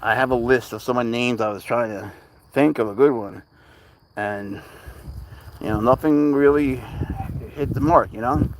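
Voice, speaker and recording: This cat-channel streamer is out walking his cat on a leash, rambling in a relaxed way and talking to the cat as well as his chat. He has a mid-range voice at a moderate pace, pauses often, and there's slight background noise.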